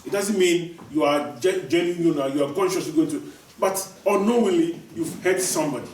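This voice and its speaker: Male preacher, somewhat high voice, emphatic and repetitive, heard from a distance in a roomy space. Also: brisk, darkish tone, slight background noise. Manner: repetitive, emphatic, many restarts. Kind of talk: sermon. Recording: echoey room, voice from far off.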